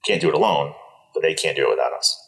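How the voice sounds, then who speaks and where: Man, middle-aged, very deep voice, earnest, reflective, halting restarts, interview guest. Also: fairly even intonation, vocal fry, fairly bright tone, low-quality recording. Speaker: podcast guest. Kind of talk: personal storytelling in an interview.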